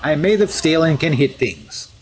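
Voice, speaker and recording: A man's voice: on the high side, sing-song, normal speed, slight background noise. A man doing Colossus in a mock Russian accent. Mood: boastful. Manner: formal, article-dropping, grandly self-praising. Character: boastful hulking steel-skinned male Russian mutant hero. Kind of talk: in-character gameplay commentary.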